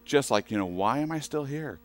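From the western United States, this man preaches in a conversational style and keeps asking the congregation questions. His medium-pitched voice is expressive and fairly quick.

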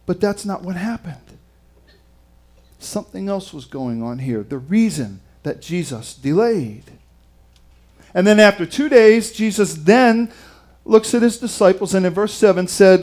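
A man preaching a sermon, reading scripture and retelling it with dramatic, emphatic delivery and wide swings in loudness. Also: high-pitched, lively intonation, unhurried.

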